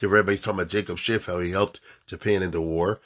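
A man's voice: low voice, fairly even intonation, rapid-fire, fairly bright tone. A man giving an informal storytelling lecture, mixing in Hebrew and Yiddish terms and often checking that his listeners follow.

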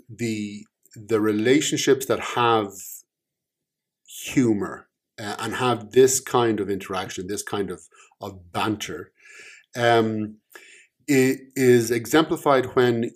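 A man, an author, talking casually about his writing, hesitant and halting with many ums, his voice trailing off softly. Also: lowish voice. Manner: soft-spoken, trailing off quietly.

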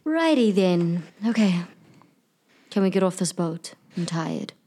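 A weary, grumbling adventurer, voiced by a woman. The voice is somewhat low and flat. She sounds worn out and fed up. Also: measured pace, slightly rough, full character voice. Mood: tired. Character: weary grumpy adventurer Darby.

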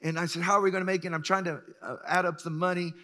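A pastor in his sixties delivers a sermon emphatically, swinging between loud bursts and hushed lines. His voice is high and quick-paced, with a level tone.

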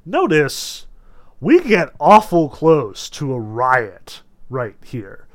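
Guy explaining a book, lots of "like", super casual, voice on the higher side. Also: wildly swooping pitch, extremely slow. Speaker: literature lecturer. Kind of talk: lecture with read-aloud passages.

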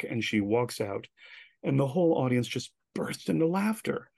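Guy on a podcast telling stories, acts out the quotes, dry close mic, medium pitch. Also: brisk, gravelly, no echo. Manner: animated anecdotes, acts out quoted lines. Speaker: guest, director. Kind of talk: storytelling in a podcast interview.

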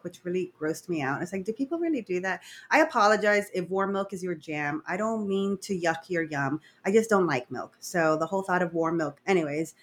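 A woman co-hosting a podcast, chatting casually and profanely as she rambles through a film recap. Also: medium pitch. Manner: profane, rambling, animated storyteller. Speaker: podcast co-host.

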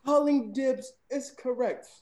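A man's voice: very high-pitched, a little slow, crowd noise, low-quality recording. A man in casual chat, reading out slang words for friends to guess, giggly and playful.

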